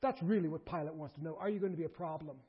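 A man preaching a sermon in an animated way, surging to emphatic bursts and dropping low, recorded in a large hall. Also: rapid-fire, husky. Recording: dull lo-fi recording in a reverberant hall.

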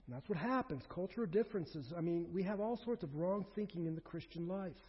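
A man preaching a sermon as pastor, conversational and animated, with asides and quoted voices. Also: high-pitched, brisk, slightly rough. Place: church sanctuary. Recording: dull sound with long reverb in a hall.

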